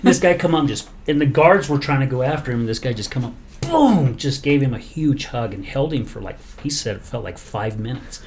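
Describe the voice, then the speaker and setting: A man hosting a podcast in casual chat, telling a story with animated energy and acting out the quoted lines. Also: medium pitch, brisk, hardly any pauses, slight background noise. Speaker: podcast host.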